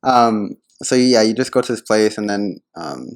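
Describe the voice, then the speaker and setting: A man's voice: fairly low pitch, steady tone, normal speed, clear, resonant tone. A man telling a story in casual podcast chat, hesitant and full of fillers.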